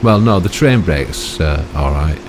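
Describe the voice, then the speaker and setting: A man's voice: a bass voice, lively intonation, measured pace, background noise. An older man giving rambling, chatty commentary on his own gameplay, full of tag questions and self-mocking asides. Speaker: gaming YouTuber.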